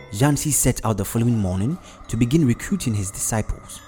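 A man narrating a story in a measured, even delivery. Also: medium pitch. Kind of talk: storybook narration with character voices.

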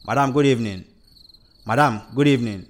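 A man's voice: mid-range voice, brisk, close to an everyday voice. A man voicing a polite Nigerian male chief security guard who speaks in Pidgin English. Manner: polite, addresses everyone as madam.

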